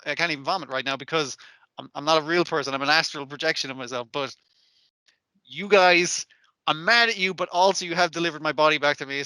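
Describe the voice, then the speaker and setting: A man hosts a podcast in loose, sweary chat. His voice is bright and forceful, pitched a little high. The sound is dry and close, and he keeps breaking into character lines. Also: smooth, no echo. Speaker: podcast host. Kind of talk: casual chat.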